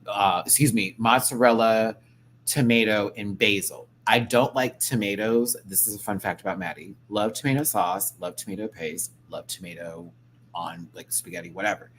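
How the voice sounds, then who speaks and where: This live-stream host talks casually and campily at a moderate pace in a lowish voice, reading chat messages aloud and imitating people with animation. A little hiss or hum can be heard.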